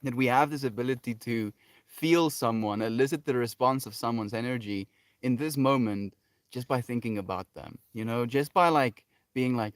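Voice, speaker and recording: A man hosting a daily livestream, talking in a soft, meandering and reflective way, with many fillers and restarts. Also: medium pitch, normal speed, no room sound, studio quality. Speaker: livestream host. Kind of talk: reflective spiritual livestream talk.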